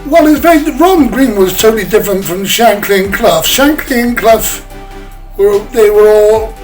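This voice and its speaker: A man's voice: sits high, lively intonation, normal speed, darkish tone, faint music behind, rough recording. An older English man, a former footballer, telling chatty anecdotes in an interview and slipping into other people's voices. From England. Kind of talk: casual storytelling interview.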